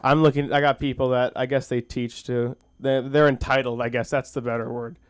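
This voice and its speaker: A man doing stand-up and a recited monologue at an open mic on a small comedy school stage, rambling and goofy with halting restarts and self-deprecating jokes. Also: mid-range voice, flat delivery, clear, resonant tone, dry recording. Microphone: handheld stage mic.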